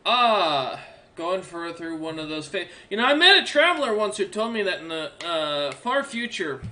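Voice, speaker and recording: A man plays a cocky commander in a tabletop game. The commander talks in a brash, offhand way. The voice sits a little high and sounds bright and forceful. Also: sing-song, moderate pace, heavily acted. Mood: rambling. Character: cocky, well-groomed male commander.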